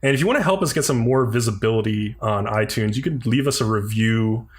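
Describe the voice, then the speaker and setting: A man hosting a casual anime podcast, upbeat and quick to laugh as he runs the outro. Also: lowish voice. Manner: upbeat, laughs easily, wraps up the show. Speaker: podcast host.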